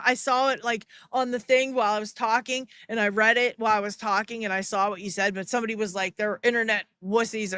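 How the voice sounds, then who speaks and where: Young woman stream host, fairly high voice, dry close sound, blunt and foul-mouthed, scornful rant. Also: a bit bright, dry recording. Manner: heated ranting at chat. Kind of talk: reaction commentary on a clip.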